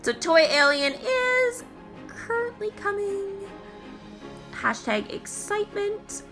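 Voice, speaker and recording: A woman hosting a mobile game video, giving bubbly, excitable, chatty gameplay commentary. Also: very high-pitched, slow pace, over music.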